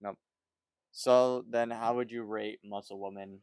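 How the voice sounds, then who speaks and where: Smooth-voiced man co-hosting a podcast, dry sound. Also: fairly low pitch, unhurried, dry recording. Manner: relaxed, short reactions and questions. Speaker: podcast co-host. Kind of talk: casual cartoon recap chat.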